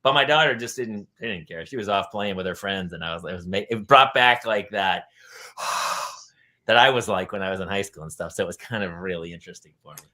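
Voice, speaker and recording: A man hosting a parenting talk show, telling comic stories and acting out the people in them with loud shouted voices. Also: sits low, brisk. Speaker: podcast host. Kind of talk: comedic storytelling chat.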